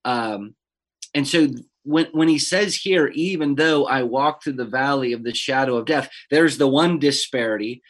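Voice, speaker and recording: A man, a pastor who preaches on Sundays, talking earnestly and personally about a psalm in a relaxed discussion. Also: mid-range voice, normal speed. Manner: earnest, personal, with fillers and restarts. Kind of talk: conversational Bible discussion.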